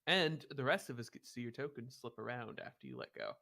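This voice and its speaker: A man running a tabletop game as dungeon master, calmly explaining rules and moves. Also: mid-range voice, fast talker, vocal fry. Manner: calm, procedural, explains rules.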